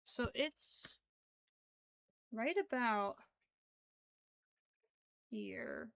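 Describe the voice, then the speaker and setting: Her pitch is a little high and swings hugely as she talks very slowly in a gravelly, somewhat bright voice, with no room sound. She's a crochet streamer rambling casually, full of fillers, counting stitches half to herself.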